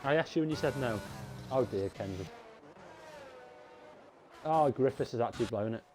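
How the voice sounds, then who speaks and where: A young man giving live sim racing commentary, chatty and excitable, talking to his viewers as lads. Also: mid-range voice, moderate pace, over music, low-quality recording. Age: young adult. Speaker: race commentator.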